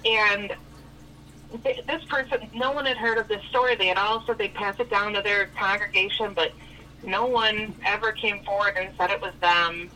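A chatty woman caller retelling events over the phone, slipping back and forth between her own words and the other people's lines. Her voice is bright and sharp. The phone line sounds distant, with a faint hiss behind her. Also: mid-range voice, steady tone, moderate pace. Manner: chatty, retells dialogue with "I was like". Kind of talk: casual storytelling. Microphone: telephone.

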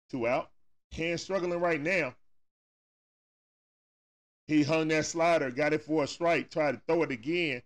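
A man with a Southern US accent hosting a casual watch-party stream, calling the plays live and talking straight at the players in folksy turns of phrase. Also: medium pitch. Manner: talks straight at the players, coaching and groaning. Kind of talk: casual live play-by-play commentary.

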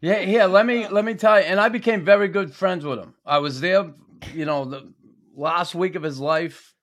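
Man, Boston accent, podcast host, blunt, profane, casual storytelling, slightly high voice. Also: moderate pace, a bit bright. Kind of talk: casual interview chat.

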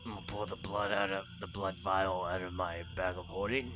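A man's voice: deep voice, level tone, brisk, music in the background. A young man playing a tabletop game in a laid-back, plain-spoken way, on a muffled lo-fi recording. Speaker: player. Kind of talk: casual tabletop game play.

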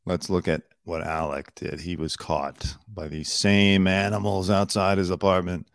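A man's voice: sits low, flat delivery, measured pace, smooth, no echo, studio quality. A man hosting a casual celebrity news show, talking bluntly and sarcastically and swearing now and then.

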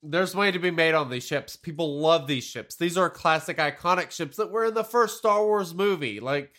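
A man co-hosting a casual podcast, agreeing readily and chiming in with quick remarks. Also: on the high side, a bit bright. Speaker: podcast co-host.

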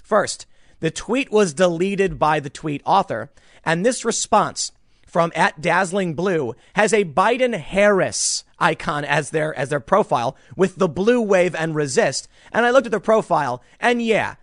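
A man's voice: fairly high pitch, a little slow, no room sound, clean studio sound. A man giving casual online commentary, talking emphatically with frequent restarts. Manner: animated, emphatic, ranting with repeated restarts.

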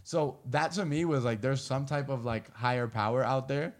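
A man's voice: medium pitch, fairly even intonation, moderate pace. A young man co-hosting a podcast in casual chat, ranting bluntly with heavy swearing. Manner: blunt, profane, heated ranting. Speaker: podcast co-host.

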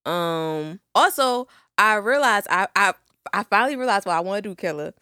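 A woman in her twenties talks loosely and casually as a podcast co-host, full of slangy asides. Her voice sits at an ordinary middle pitch. She is recorded dry and close, with no room sound. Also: animated, moderate pace, sharp tone, clean tone, no room sound. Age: 20s. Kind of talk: casual chat.

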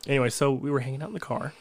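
A man's voice: medium pitch, fast, gravelly. A young man, a podcast guest telling a rambling, profane story and laughing along the way.

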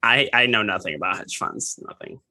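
A woman co-hosting a casual chat, giggly with quick reactions. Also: extremely low pitch, sharp tone, no echo, clean studio sound. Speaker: podcast co-host.

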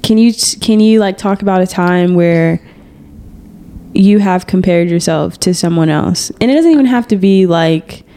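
A woman hosting a podcast in relaxed, casual conversation. Her voice is warm and mellow, and she talks candidly and chattily, with plenty of slang. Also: fairly low pitch, normal speed. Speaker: podcast host. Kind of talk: casual chat.

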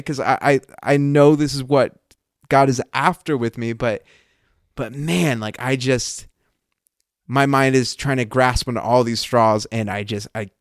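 A man's voice: medium pitch, no echo, studio quality. A man co-hosting a casual Bible discussion podcast, thinking aloud and often breaking off to restart his sentences. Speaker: podcast co-host.

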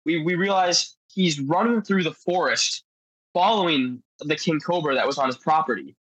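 A man's voice: fairly high pitch, normal speed, slightly rough, dry recording, rough recording. A man guest on a podcast telling adventure stories in a casual, rambling way, full of "like" fillers. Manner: rambling, heavy use of "like" fillers; animated storyteller.

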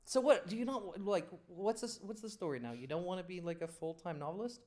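A woman's voice: fairly low pitch, fairly quick, dark tone. A woman hosting a casual chat, asking questions in a teasing, blunt manner. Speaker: host.

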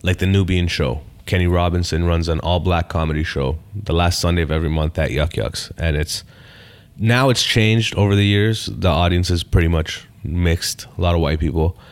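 A man's voice: low voice, normal speed, smooth. A man, a stand-up comedian and podcast guest, talks laid-back in casual chat, swearing freely and repeating phrases. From Canada.

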